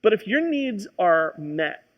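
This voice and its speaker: A man's voice: high voice, big pitch swings, slow pace, dull audio. A man preaching a sermon as a pastor, telling a personal story in a conversational way with frequent restarts.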